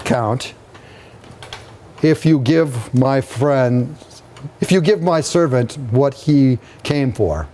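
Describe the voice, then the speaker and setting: A stern female spirit voice, put on by a man, slow, measured, commanding, tabletop game. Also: medium pitch, expressive, dark tone.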